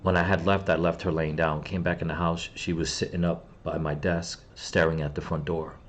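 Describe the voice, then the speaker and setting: A rumbling low voice keeps a level tone at a moderate pace. The speaker, a middle-aged channel host, mourns his loss before turning to a bitter, swear-filled rant aimed at those he blames, an angry personal vlog full of grief.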